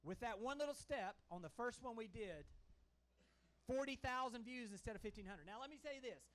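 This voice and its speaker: High-voiced man presenting on stage. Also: expressive, moderate pace, a bit bright. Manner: folksy, emphatic, keeps checking in with the audience. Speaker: conference panelist. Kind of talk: conference presentation. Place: conference hall stage. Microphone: handheld microphone.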